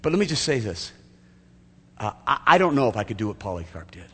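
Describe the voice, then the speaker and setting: A man's voice: on the low side, very animated, quick pace, breathy edge. A man preaching a sermon as pastor, telling a story vividly and acting out its scenes. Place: church sanctuary. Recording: echoey hall, faint hum.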